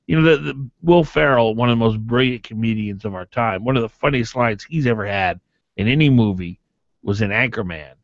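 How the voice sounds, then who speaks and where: A man's voice: mid-range voice, a little fast, no echo. Emphatic male talk radio host. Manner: emphatic, animated, argumentative. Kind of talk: opinionated talk radio commentary. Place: radio studio. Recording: dull, dry AM radio broadcast.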